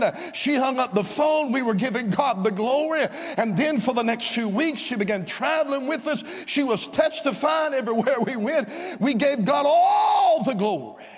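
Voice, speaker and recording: A man, a visiting evangelist, telling a story in a fervent revival sermon that rises to shouts of praise, recorded in a church. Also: extremely high pitch. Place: church sanctuary. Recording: long church-hall reverb.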